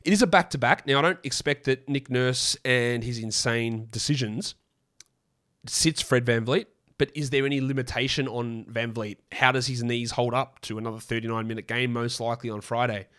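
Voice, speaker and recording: A hoarse man hosts a solo fantasy basketball podcast in a middle-pitched voice. He talks in a loose, opinionated ramble and often stops to correct himself mid-sentence. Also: fairly even intonation, normal speed, fairly bright tone. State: hoarse from a lost voice.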